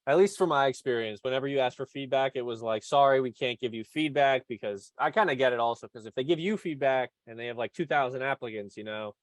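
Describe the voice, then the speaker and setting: A man's voice: mid-range voice, lively intonation, fast talker, hardly any pauses, no echo. A man hosting a podcast who chats casually and asks loose, friendly questions. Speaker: podcast host. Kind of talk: casual interview.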